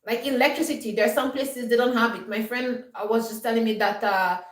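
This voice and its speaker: A woman's voice: a little high, steady tone, brisk, roomy sound, recorded from a distance, rough recording. A woman vlogger giving an emphatic, scolding monologue and often checking that her viewers understand. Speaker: homestead vlogger. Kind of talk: lecturing monologue.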